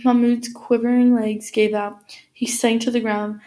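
A woman reading a novel aloud as narrator, in a steady storytelling manner. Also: fairly high pitch, measured pace, low-quality recording. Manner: steady storytelling with small slips.

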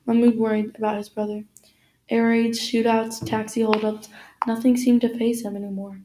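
A woman reading a novel aloud as narrator, in a steady storytelling manner. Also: on the high side, moderate pace, background noise. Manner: steady storytelling with small slips.

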